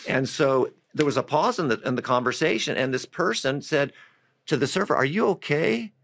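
A man, a guest who works with politicians, telling a story in conversation in a lively way. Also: mid-range voice, a little fast. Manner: animated storyteller.

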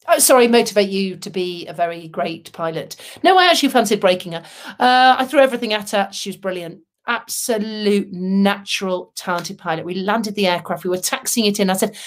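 A woman's voice: medium pitch, a little fast. A middle-aged woman, giving a motivational talk as a humorous storyteller with dry asides. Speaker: motivational speaker.

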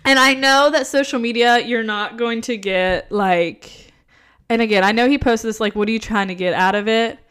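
Woman, 30s, co-host; animated blunt storyteller, a touch high, smooth tone. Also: normal speed. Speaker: podcast co-host. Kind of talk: casual chat.

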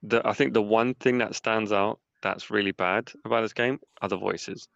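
A man's voice: lowish voice, fairly even intonation, normal speed, vocal fry, fairly bright tone, no room sound, highs cut off. A young man in casual gaming chat as a podcast co-host, often stumbling and repeating words as he starts a thought.

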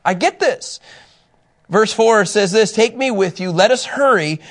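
Upbeat man with a higher voice teaching a Bible class and telling personal stories to the group. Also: a little slow. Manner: animated, chatty, often laughing at himself.

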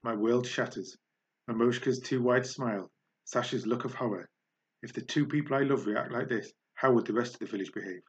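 A man narrating a children's adventure story in the first person, measured and expressive. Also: mid-range voice, highs cut off. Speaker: audiobook narrator.

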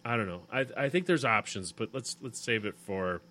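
A man's voice: on the low side, expressive, normal speed, sharp tone, a little hiss or hum. A man co-hosting a casual podcast chat, talking with enthusiasm. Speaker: podcast co-host.

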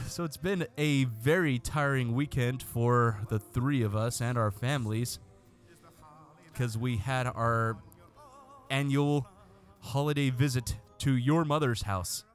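A man hosting a low-budget podcast in a loose, joking way, dropping deadpan one-liners between topics. His pitch sits in an ordinary middle range, and faint music plays quietly underneath. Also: slow. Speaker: podcast host. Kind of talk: casual podcast chat.

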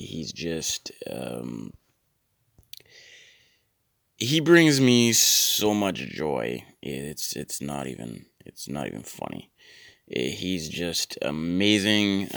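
Deep creaky guy in his 30s doing a rambly deadpan podcast bit, dry close sound. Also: no echo. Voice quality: rambling, deadpan, repeats words. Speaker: podcast host. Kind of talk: comedic monologue.

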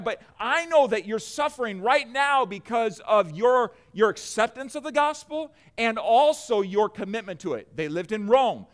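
Man, pastor, sermon, high voice, earnest, repeats himself, calls for response. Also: animated, moderate pace, hardly any pauses.

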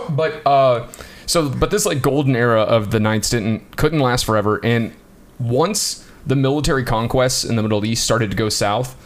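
A man's voice: medium pitch, normal speed. A man co-hosting a casual history podcast, talking loosely with many fillers and frequent laughs. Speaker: podcast co-host.

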